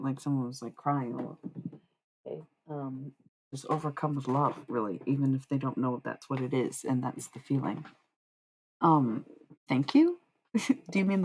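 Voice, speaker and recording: A woman's voice: extremely low pitch, a bit bright, rough recording. A woman live-streaming casual spiritual readings, rambling and swearing freely as she answers chat.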